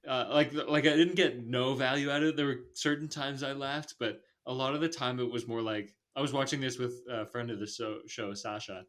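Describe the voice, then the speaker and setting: A man's voice: mid-range voice, fairly even intonation, a little fast, hardly any pauses, fairly bright tone. A man hosting a podcast, talking loosely with lots of fillers and giving blunt movie opinions. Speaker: podcast host. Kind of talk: casual movie review chat.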